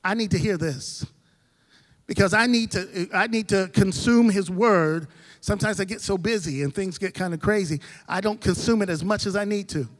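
A middle-aged male pastor with a high voice delivers a sermon in a church sanctuary. His preaching cadence climbs and drops, swinging from loud calls to quiet asides, and the sound rings with a long hall reverb. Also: normal speed.

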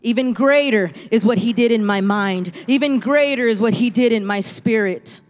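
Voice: medium pitch, normal speed, in a large hall. A church speaker from Houston giving a fervent preaching testimony, repeating phrases for emphasis. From Houston, Texas.

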